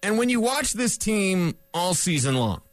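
A middle-aged man from Colorado hosting a sports talk show, rambling excitedly with small chuckles and a little out of breath. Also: sits high, measured pace, no echo. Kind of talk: sports radio monologue.

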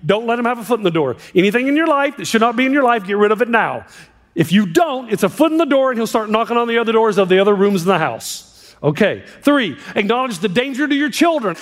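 A man preaching a sermon as a pastor, impassioned, swinging between hushed and emphatic delivery. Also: very high-pitched. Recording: long reverb of a large hall.

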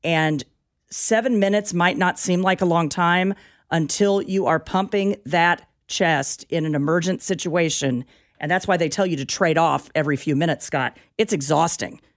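A woman's voice: fairly low pitch, moderate pace. A middle-aged woman co-hosting a talk show, speaking in a matter-of-fact, advising way. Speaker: radio show co-host. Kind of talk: casual chat.

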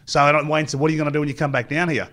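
A man's voice: on the high side, fairly even intonation, rapid-fire, a bit bright. A middle-aged man with an Australian accent, a former rugby player telling long rambling stories as an interview guest and acting out what others said. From Queensland, Australia. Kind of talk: storytelling interview.

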